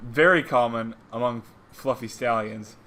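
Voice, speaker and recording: A man's voice: medium pitch, unhurried, pushed and bright. A man co-hosting a casual commentary stream, reading comic captions in a wry, exasperated way. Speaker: co-host reading comics aloud.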